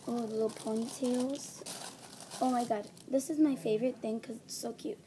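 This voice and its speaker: A female vlogger unboxing at home, gushing and gasping with breathless excitement. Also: a little high, normal speed. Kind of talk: excited doll unboxing vlog. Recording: home recording with background noise.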